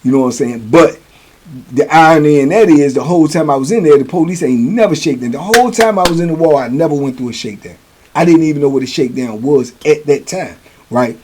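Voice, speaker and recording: A man's voice: a little high, quick pace, darkish tone, slight background noise. A man hosting, telling a personal story in a casual, conversational way, often checking in with the listener. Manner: conversational, keeps asking "you know what I'm saying". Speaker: host.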